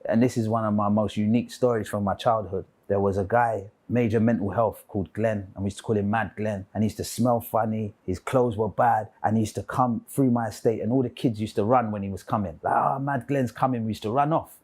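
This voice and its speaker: A man from London speaks in a lowish voice, telling stories from his life with a London accent. He is a spoken word poet giving an interview and slips into the voices of the people he describes. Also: steady tone, a little fast, few pauses, darkish tone. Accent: London English. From London, England. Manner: vivid storyteller who acts out quoted voices. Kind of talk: storytelling interview.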